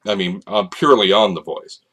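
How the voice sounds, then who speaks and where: Facing a camera, a channel host talks in a voice that sits low, moves a little fast, and has a fairly bright tone with a breathy edge. His late-night ramble is casual and hesitant, crowded with fillers and false starts.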